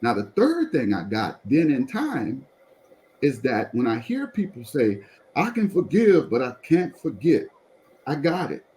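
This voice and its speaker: A pastor telling a personal testimony in conversation, animated and repeatedly drawing the listener in to follow along. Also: male voice, mid-range voice, unhurried, low-quality recording.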